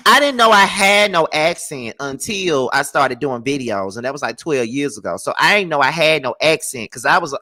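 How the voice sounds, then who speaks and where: Man with Mississippi accent, casual review vlog, lively swinging pitch, bright tone, chatty and slangy. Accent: Mississippi Southern US. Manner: chatty, animated, slangy, laughing asides. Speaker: YouTube TV reviewer.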